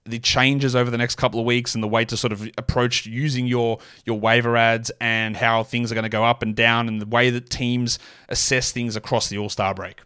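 Rambling podcast host, mid-pitched man. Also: flat delivery, fairly quick, sharp tone, clear, resonant tone. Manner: rambling, self-correcting, with many fillers. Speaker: fantasy basketball podcast host. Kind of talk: solo podcast analysis.

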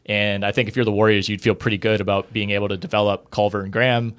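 A man co-hosts a podcast, chatting casually about basketball trades and hedging with plenty of fillers. His voice runs somewhat low, with a flat delivery and a quick pace.

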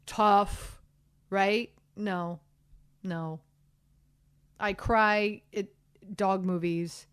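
A woman hosting a sports radio show, chatting in an animated, self-deprecating way with lots of fillers, on a studio microphone. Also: mid-range voice, drawn-out words, pauses often, smooth, no echo. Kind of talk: casual sports talk chat.

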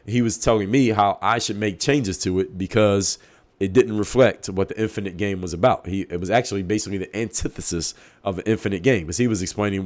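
A man's voice: low-pitched, quick pace. A man hosting his own show, talking bluntly and emphatically in a casual monologue, swearing freely. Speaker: podcast host.

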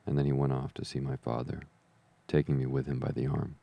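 A man reading an old adventure novel aloud as a calm bedtime story, slow, even and soothing. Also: very deep voice, creaky, no room sound, highs cut off. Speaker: podcast reader.

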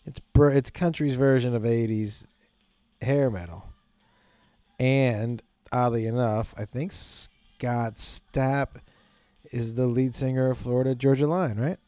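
Man, podcast host, mellow dark voice, dry close sound, loose profane rambling. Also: mid-range voice, steady tone, takes it slowly, no echo. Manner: rambling, profane, self-mocking with bursts of laughter. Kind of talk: casual late-night podcast rambling.

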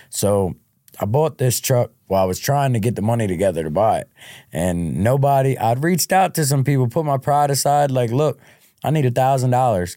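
A man's voice: fairly low pitch, dark tone, no echo, studio quality. A man being interviewed on a podcast, telling his life story in a frank, casual way and often restarting his words. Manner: frank, repeats word starts. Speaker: podcast guest.

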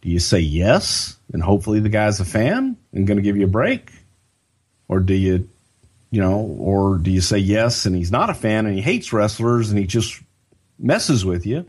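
An older man telling a story in a casual podcast chat, as a lively storyteller who jumps into other people's voices. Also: lowish voice, moderate pace, breathy edge.

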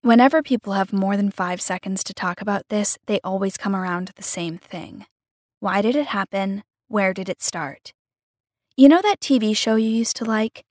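A woman's voice: mid-range voice, no echo, clean studio sound. A woman narrating a first-person story in a casual, wry, conversational way.

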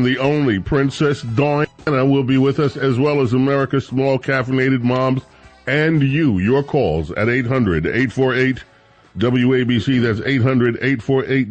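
Chatty male radio talk host. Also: medium pitch. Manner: chatty, jokey, stumbles and restarts. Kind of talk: casual radio banter.

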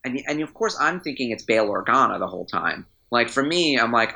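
A man chatting casually as a podcast guest, an animated, rambling fan who restarts his sentences. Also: medium pitch, a little fast, gravelly, few pauses, rough recording. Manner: animated, rambling, self-interrupting storyteller; enthusiastic fanboy. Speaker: trading card company guest.

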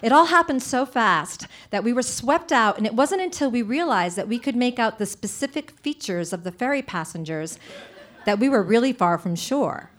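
A woman telling a funny personal story live on stage before an audience, lively and animated, with lots of "like" fillers. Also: on the high side. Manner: lively, comic, animated, frequent "like".

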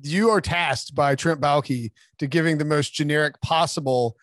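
A man's voice: a little high, normal speed, a bit bright, no room sound, studio quality. A man co-hosting a sports podcast in casual chat, wry and joking as he pokes fun at coaching clichés.

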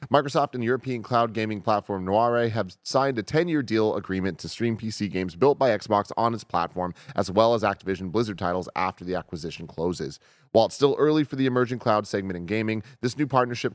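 A man's voice: fairly low pitch, dry recording, clean studio sound. A man hosting a gaming news podcast, reading stories aloud and then joking with his guest in casual, swearing chat.

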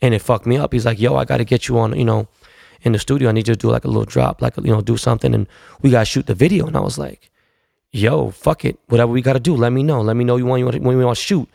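A man's voice: mid-range voice, very fast, vocal fry, mellow, no room sound, clean studio sound. A man, hosting a casual solo podcast and telling stories in a profane, laid-back way full of slang. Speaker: podcast host.

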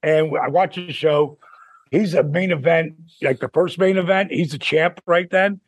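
An older man hosting a podcast, telling stories in a casual, animated and profane way, often acting out what other people said. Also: a little high, unhurried, dry recording. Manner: animated, profane, acts out quoted voices. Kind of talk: casual storytelling chat.

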